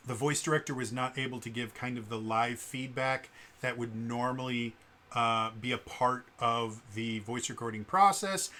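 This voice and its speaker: A man's voice: medium pitch, bright, forceful tone. A man giving blunt, rambling spoken commentary for his gaming vlog, full of um and uh fillers. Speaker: gaming vlogger.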